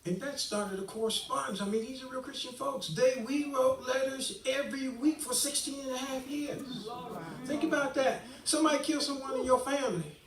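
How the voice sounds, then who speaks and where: Man, 60s, church testimony, lively storyteller doing all the voices, heard from a distant mic in an echoey hall. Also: very high-pitched, a little fast. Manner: animated storyteller acting out quoted dialogue. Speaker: guest speaker giving testimony. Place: church hall, live stream.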